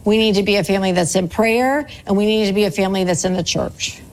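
A woman in her forties, a church speaker, preaches a sermon on parenting in an earnest, conversational way, repeating her key points. Her mid-range voice is fast with fairly even intonation, and the recording is low quality.

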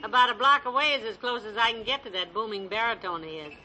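An actress playing a dry-witted middle-aged wife who makes teasing wisecracks in a 1940s radio comedy. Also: female voice, a little high, fast talker, bright, forceful tone, slight background noise, low-quality recording. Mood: wry.

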